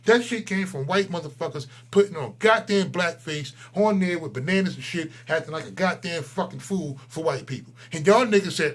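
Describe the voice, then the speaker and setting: A man in his forties, a channel host, delivering a profane, heated ranting monologue that swings between loud outbursts and low mutters. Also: expressive, brisk, few pauses. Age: 40s.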